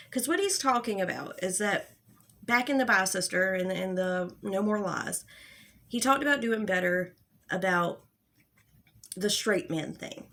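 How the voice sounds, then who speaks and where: A woman's voice: mid-range voice, lively intonation, a little slow, fairly bright tone. A young adult woman giving an angry, profane commentary rant, exasperated and sarcastic. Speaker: commentary YouTuber.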